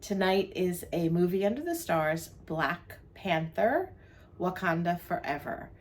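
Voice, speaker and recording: Older woman, low voice, from New Jersey, chatty travel vlog co-host. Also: animated, measured pace, a little hiss or hum. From New Jersey, USA. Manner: chatty, lists the day's plans. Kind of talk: casual travel vlog chat.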